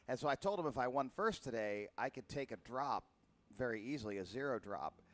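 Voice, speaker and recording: A man's voice: medium pitch, expressive, fairly quick, fairly bright tone. A man who races karts, chatting casually in an interview and trailing through fillers and restarts. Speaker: kart racer guest.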